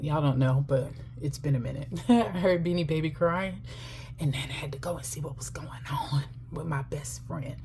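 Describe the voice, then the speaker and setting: Chatty low-voiced woman vlogger. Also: dark tone, breathy edge. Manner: chatty, storytelling, laughs often. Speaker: personal finance vlogger. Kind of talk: casual chat to camera.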